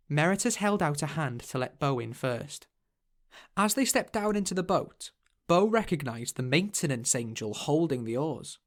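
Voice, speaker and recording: Man narrating a fantasy novel. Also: on the high side. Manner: measured storytelling. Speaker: audiobook narrator. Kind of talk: scripted narration.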